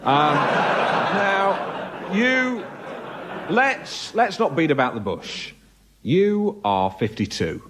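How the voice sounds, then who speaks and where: A smug, awkward chat show host, stumbling over his words with a lively, swooping delivery. He blurts tactless remarks and hesitates often. A steady hiss runs under the radio studio recording. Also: high voice, drawn-out words, pauses often, full character voice. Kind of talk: radio comedy acting.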